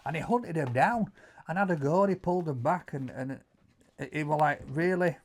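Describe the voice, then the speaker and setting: A middle-aged man with a Yorkshire accent telling stories in casual chat, animated, stumbling over repeated words and loudly acting out quotes. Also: fairly high pitch, normal speed. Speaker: co-host answering viewer questions.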